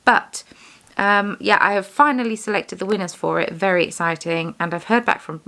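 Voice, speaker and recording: A young woman talks casually over her bead weaving and drifts from one thought to the next. Her mid-pitched voice has some gravelly fry in it, and she teases herself as she goes. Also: steady tone, moderate pace, bright, forceful tone. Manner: rambling, self-deprecating, chatty. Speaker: vlogger, yarn dyer and shop owner.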